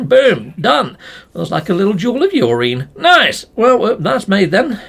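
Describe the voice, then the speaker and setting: Playful man with a gravelly voice. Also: high-pitched, very animated, unhurried, a bit bright. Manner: playful, mild swearing, chatty to viewers. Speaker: let's play gamer. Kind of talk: casual game commentary.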